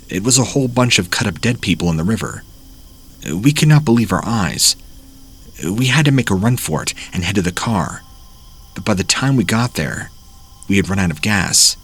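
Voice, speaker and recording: A man narrating first-person horror stories as the host of a channel, reading in a plain, steady way. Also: lowish voice, breathy edge.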